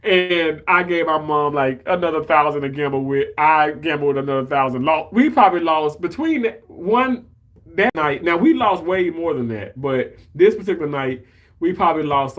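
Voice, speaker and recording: A man's voice: a little high, normal speed, fairly bright tone. A man from Mississippi, hosting a livestream in a chatty, emotional and effusive way. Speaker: livestream host. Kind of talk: casual chat.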